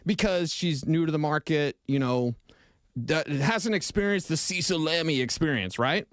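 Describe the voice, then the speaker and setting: A high-pitched man on a sports talk radio show, talking fast and getting emotional and opinionated as he trades takes with his co-host. His voice is close and dry on a studio mic, with no room sound around it. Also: expressive, no echo. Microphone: studio microphone.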